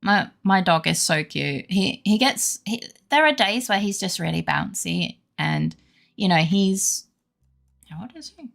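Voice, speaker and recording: A woman's voice: fairly low pitch, animated, a little slow, gravelly, a bit bright. A young woman streaming, chatting casually and rambling fondly about her dog while greeting her chat. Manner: baby-talk voice toward her dog. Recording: faint background music.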